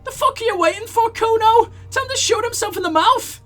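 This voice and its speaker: A man's voice: a little fast, a bit bright, soft background music. A man voicing a foul-mouthed, taunting street kid in a video game, jeering and hurling insults. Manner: shrill, jeering, hurls insults.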